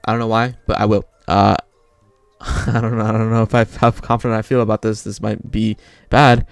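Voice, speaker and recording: A man's voice: fairly low pitch, flat delivery, normal speed, creaky, smooth, no room sound, faint music behind. A young man casually talking through his bracket picks, rambling and often correcting himself. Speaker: sports video creator.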